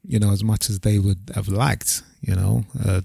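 A man, co-hosting a podcast in relaxed, reflective casual chat and dropping slang like "bruv". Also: lowish voice, normal speed, creaky, husky, no room sound, clean studio sound. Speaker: podcast co-host.

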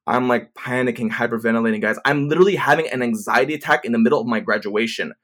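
A man's voice: mid-range voice, a bit bright. A man in his twenties telling a story to camera in a casual, rambling way, with swearing and many restarts. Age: 20s. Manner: fast, rambling, profane retelling with many restarts.

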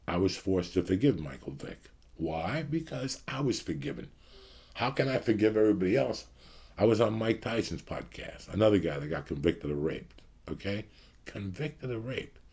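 A man's voice: fairly low pitch, a little mellow, slightly rough. A man in his fifties from the New York area, hosting his show with a blunt, profane rant to his audience. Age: 50s. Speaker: podcast host.

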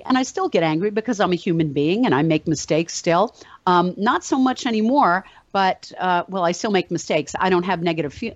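A woman talking casually to a group as a motivational speaker, telling animated stories with plenty of fillers. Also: medium pitch, dry recording. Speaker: motivational speaker and meetup organizer. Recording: dull, dry lo-fi sound.

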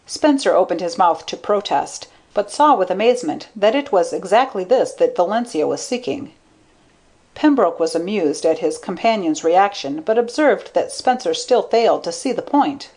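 A woman narrating an audiobook story in an even, steady manner. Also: fairly low pitch, moderate pace.

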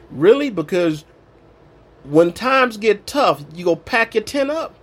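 Male preacher, slightly high, husky, emphatic and casual. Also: big pitch swings, takes it slowly, long pauses, fairly bright tone. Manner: emphatic, colloquial preaching with acted-out quotes. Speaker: Bible teacher. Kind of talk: informal sermon.

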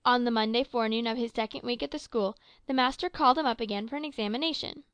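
A woman reading an adventure story aloud in measured narration, raising her voice for the quoted lines. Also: on the high side, fairly bright tone, no echo. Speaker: audiobook reader. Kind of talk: scripted narration.

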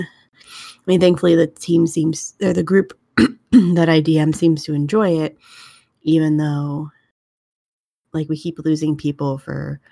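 A young woman talks in a relaxed podcast chat, rambling and filling her thoughts with fillers. Her voice sits low for a woman. The sound is close and dry, with no room echo. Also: vocal fry. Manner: chatty, rambling with many fillers. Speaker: tabletop game master.

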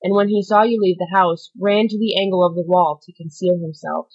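A woman's voice: fairly low pitch, fairly even intonation, highs cut off. A woman voicing a stern solemn priest. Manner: grave, measured, admonishing.

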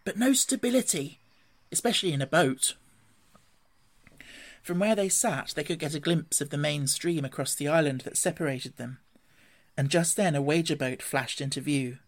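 A reader narrating a classic storybook in a measured, even way. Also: medium pitch. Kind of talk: storybook reading.

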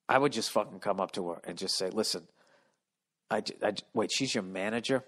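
A man in his fifties with a Boston accent hosting a solo podcast, reading listener mail aloud and riffing on it in a profane, animated rant. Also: lowish voice, a little fast. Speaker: podcast host.

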